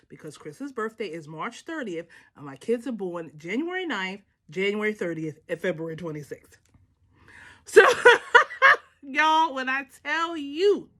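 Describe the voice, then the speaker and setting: Animated woman telling a family story. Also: medium pitch. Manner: animated, laughing, addresses listeners as y'all. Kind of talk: casual storytelling to viewers.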